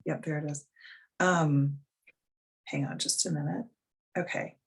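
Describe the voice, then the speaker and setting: A woman's voice: low voice, fairly even intonation, a little slow, gravelly, slightly rough. A woman life coach hosting a live video coaching call, talking frankly and bluntly in a casual, chatty way.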